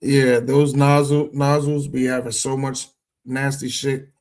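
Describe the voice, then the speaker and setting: A man's voice: medium pitch, level tone, unhurried, a little mellow, low-quality recording. A man chatting casually on a podcast in a laid-back way, swearing freely. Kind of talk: casual chat.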